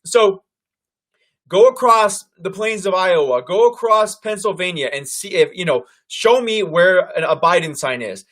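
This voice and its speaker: A man hosts a political livestream in casual commentary. He talks loudly and animatedly and keeps turning to his viewers as "guys". His voice sits high for a man. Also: expressive, measured pace.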